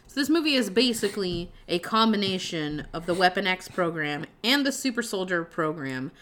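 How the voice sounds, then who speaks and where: A woman's voice: fairly low pitch, sing-song, moderate pace, fairly bright tone, a little hiss or hum. A woman co-hosting a casual movie podcast, blunt and swearing freely as she gives her takes. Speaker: podcast co-host. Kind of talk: casual movie review chat.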